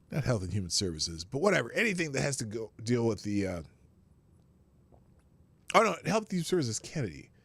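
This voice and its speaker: A man's voice: medium pitch, breathy edge, no echo. Rambling, profane male livestream host. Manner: crude, rambling, shouts in outbursts. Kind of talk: profane political commentary.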